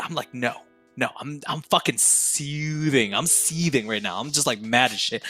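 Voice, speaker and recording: Young guy ranting thru a school story, bright punchy voice, swears a lot, faint music behind. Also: medium pitch, moderate pace, no echo. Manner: animated, swears often, laughs mid-story. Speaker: podcast guest. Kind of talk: casual storytelling.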